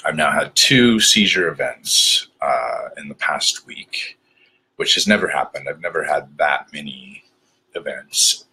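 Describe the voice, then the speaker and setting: A man's voice: rumbling low, bright, forceful tone, slight background noise. A worn-out man rambling through a candid video diary in a self-described bad British accent, hesitant and full of fillers. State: mentally exhausted. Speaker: vlogger.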